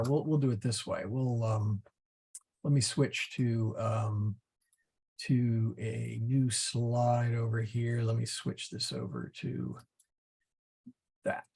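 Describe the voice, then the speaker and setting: A middle-aged man teaching a Latin class, halting, with many fillers and restarts. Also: medium pitch, creaky, breathy edge. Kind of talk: class lesson.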